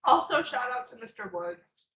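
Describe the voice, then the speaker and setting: Teasing teen boy, lively and echoey. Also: very high voice, moderate pace. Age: teens. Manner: short teasing interjections. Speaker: podcast co-host. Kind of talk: casual chat. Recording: echoey room with faint noise.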